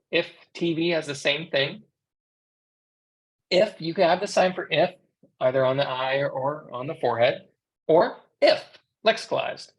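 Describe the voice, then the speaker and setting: Here an interpreter with a mid-range voice and American accent gives voice to a sign language teacher's class lecture. It's a conversational teaching style that throws rhetorical questions at the class.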